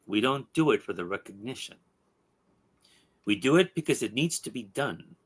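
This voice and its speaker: A man reading aloud the lines of a calm, knowing woman who wryly scolds a ghost. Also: mid-range voice, normal speed, husky. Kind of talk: read-aloud comic dialogue.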